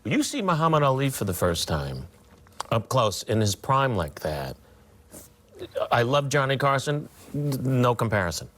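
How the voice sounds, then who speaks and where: A man in his sixties, a comedian and guest, telling stories in an interview, animated and slipping into impressions. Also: mid-range voice, measured pace. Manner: animated, breaks into impressions and laughter. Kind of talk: storytelling in a talk show interview.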